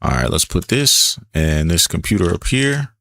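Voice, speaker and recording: Laid-back deep-voiced man streaming a game. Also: big pitch swings, moderate pace, gravelly, sharp tone, no room sound, studio quality. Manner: laid-back, chatty, reads chat aloud. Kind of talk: casual gameplay commentary.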